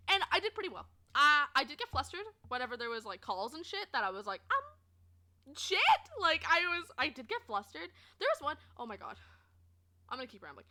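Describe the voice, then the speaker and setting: A young adult woman streaming, chatting casually and rambling through a story, quoting people in animated voices, laughing often and filling pauses. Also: high-pitched. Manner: animated and giggly, lots of fillers, quoting others in lively voices.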